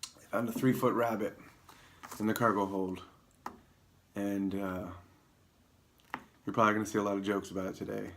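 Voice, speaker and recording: A man hosting his own comedy show alone on camera, rambling through news headlines with deadpan, self-mocking asides. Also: on the low side, moderate pace, long pauses, a little hiss or hum. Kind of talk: improvised comedic news rundown. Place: alone in a room, talking to camera.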